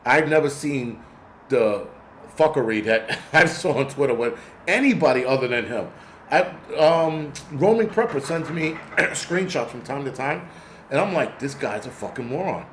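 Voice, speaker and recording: A man's voice: fairly high pitch, lively intonation, measured pace, fairly bright tone, roomy sound, a little hiss or hum. A man from the United States hosting his channel, giving an angry, profane, rambling livestream rant full of restarts. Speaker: host.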